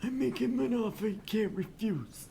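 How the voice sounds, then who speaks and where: A man voicing an old mob boss with a put-on Italian-American accent, slow and exaggerated in his threats. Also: high voice, animated, gravelly, warm tone, slight background noise, voice pushed up. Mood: menacing.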